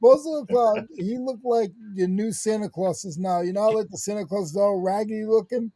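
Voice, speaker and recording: A man's voice: high voice, moderate pace, warm tone, no room sound. A man from New England co-hosting a casual chat, joking and teasing. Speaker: co-host.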